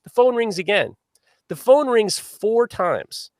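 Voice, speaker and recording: A man hosting a live podcast, telling a long story in a lively, swearing manner. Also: high voice, slow, dry recording, studio quality. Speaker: podcast host.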